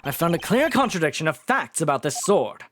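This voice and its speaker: A woman streamer reading game dialogue aloud in an expressive way, with joking asides. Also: low voice, a little fast. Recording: game music playing behind.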